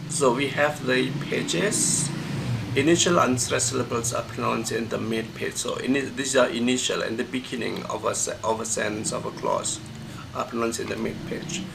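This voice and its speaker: Guy explaining intonation, super gravelly voice, lots of uhs and restarts, faint hum behind. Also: mid-range voice, fairly even intonation. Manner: halting, many fillers and restarts. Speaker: pronunciation teacher. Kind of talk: screen-recorded lecture.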